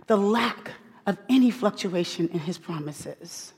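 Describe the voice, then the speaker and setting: A woman's voice: lowish voice, expressive, measured pace, vocal fry, slightly rough. Emphatic woman preaching in a reverberant hall. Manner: emphatic, repeats key phrases, swings from loud to hushed. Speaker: women's Bible teacher. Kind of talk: sermon.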